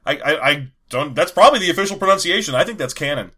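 A man's voice: on the high side, animated, quick pace, sharp tone. A man co-hosting a podcast, casually recapping film scenes and riffing with a co-host. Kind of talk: casual chat reviewing a film.

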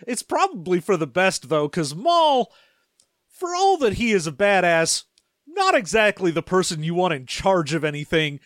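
A man co-hosting a casual chat, joking through a story recap and dropping into gruff character voices. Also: high voice, big pitch swings, moderate pace, a bit bright, dry recording, studio quality. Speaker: podcast co-host.

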